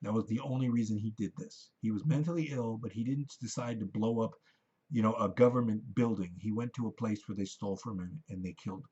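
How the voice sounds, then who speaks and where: A man's voice: fairly low pitch, steady tone, a little fast, dark tone, slightly rough, lo-fi sound. A man ranting into the camera in a rambling, profane, heated monologue. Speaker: vlogger.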